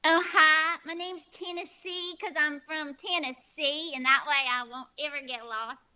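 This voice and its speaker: Brief: woman plays a bright, high, chirpy oddball auditioner making animal noises on a video call. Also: steady tone, measured pace, heavily acted. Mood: eager. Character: odd, overeager small woman auditioning.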